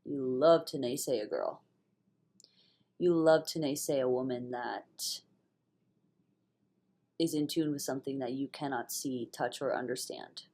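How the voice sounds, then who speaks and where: A woman's voice: a bass voice, unhurried, long pauses, warm tone. A young woman vlogging in a rambling, candid way about her spiritual views, swearing freely. She is hungover and stuffy-nosed, and she sometimes drops into a whisper. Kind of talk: casual spiritual vlog monologue.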